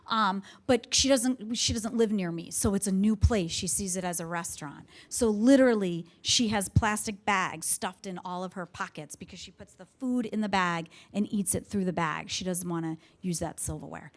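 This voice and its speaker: A woman's voice: mid-range voice, a bit bright. A woman presenting a staff development session in an earnest, conversational way, sharing personal stories. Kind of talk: teaching a staff workshop.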